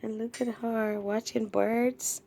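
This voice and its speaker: A woman filming her kitten and talking to it in sing-song baby talk, asking it many gentle questions. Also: a little high, flat delivery, slow, vocal fry. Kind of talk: cooing pet talk.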